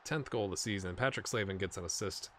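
A man's voice: lowish voice, quick pace, a bit bright, slight background noise. A man hosting a gaming video, giving rambling, chatty commentary with jokey asides to the players. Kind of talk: casual gameplay commentary.

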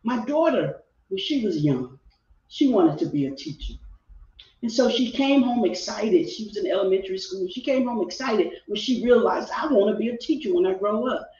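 A woman's voice: medium pitch, lively intonation, moderate pace, dark tone. Earnest woman on a distant call. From Texas. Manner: earnest, repeats phrases for emphasis. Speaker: guest life coach. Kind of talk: heartfelt personal storytelling. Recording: roomy, distant, dull video-call audio.

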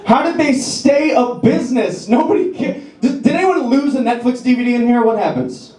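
A man's voice: very high-pitched, darkish tone. A man performing a wry, self-deprecating stand-up set on a comedy club stage. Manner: wry, self-deprecating, does quick voices for jokes. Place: comedy club stage before a live audience. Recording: echoey club with crowd laughter.

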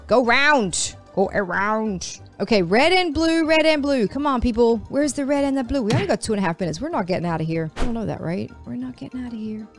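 A young woman casually commenting on her own play in an online game, chatty and playful, talking to the other players. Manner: squeaky sing-song voice when chasing players. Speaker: gaming streamer.

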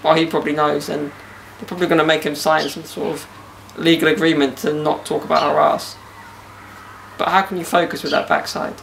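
A man's voice: fairly high pitch, level tone, brisk, vocal fry, a bit bright, slight background noise. A young man hosting a casual podcast outdoors in a garden, bantering and joking with slang. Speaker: podcast host.

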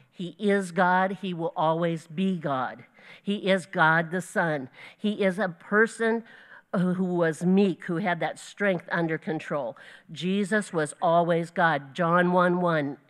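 A woman teaching a Bible lesson to her group, earnest and storytelling, with small slips she corrects as she goes. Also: on the low side. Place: church gathering.

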